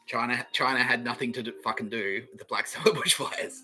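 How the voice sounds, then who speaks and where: A man's voice: medium pitch, fairly even intonation, a little fast, pushed and bright, faint music behind, poor audio. A man with an Australian accent hosting a comedy podcast, rambling through a jokey monologue, swearing often and laughing at his own jokes. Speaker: podcast host.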